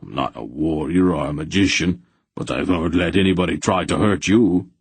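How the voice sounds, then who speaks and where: A man's voice: low-pitched, moderate pace, slightly rough, no room sound, exaggerated voice. A man voicing a plain, loyal village smith who speaks bluntly and earnestly. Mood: stubborn.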